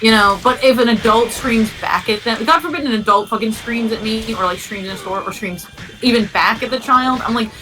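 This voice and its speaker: A woman's voice: a little high, a little fast, sharp tone, soft background music, rough recording. A woman in a casual gaming chat, talking bluntly and swearing often. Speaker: co-host.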